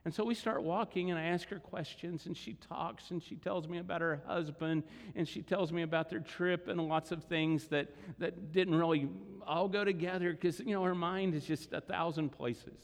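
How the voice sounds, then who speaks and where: A man's voice: a little high, steady tone, moderate pace, vocal fry, few pauses. A man, preaching and telling a story conversationally to his congregation. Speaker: pastor. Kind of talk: sermon storytelling. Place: large church hall. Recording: long hall reverb.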